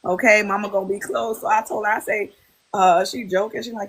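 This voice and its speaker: Speaking fast at a medium pitch with a slightly rough voice, this thirtysomething woman is a podcast guest in casual conversation. She spins animated stories, voicing other people's lines with energy, on a low-quality recording.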